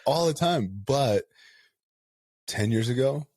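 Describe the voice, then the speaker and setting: A man's voice: mid-range voice, takes it slowly, slight background noise. A man in his thirties co-hosting a casual podcast chat, speaking candidly and telling stories with many asides. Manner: candid, animated storyteller, rambling with many asides. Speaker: podcast co-host.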